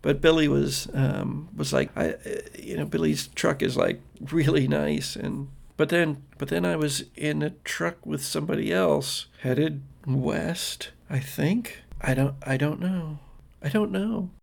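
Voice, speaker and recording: A man with a gravelly voice voicing a confused, teary young woman who stammers and trails off. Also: a little high, measured pace, exaggerated voice.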